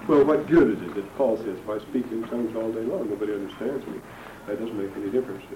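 A man's voice: lowish voice, quick pace. An older man giving a classroom lecture on scripture, digressive and anecdotal with dry humor. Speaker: religion lecturer. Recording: roomy distant lecture recording with background noise.

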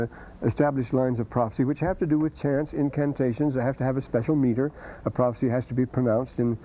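A man with a warm, mid-range voice lectures a university class on scripture, reading and explaining passages while drifting into scholarly asides. It sounds like a dull, lo-fi cassette lecture tape.

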